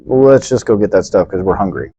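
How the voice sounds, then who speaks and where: A man's voice: low-pitched, a little fast, husky, no room sound. Blunt man, dull dry close sound. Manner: blunt, acts out thugs in lively put-on voices. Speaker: podcast co-host. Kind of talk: casual chat.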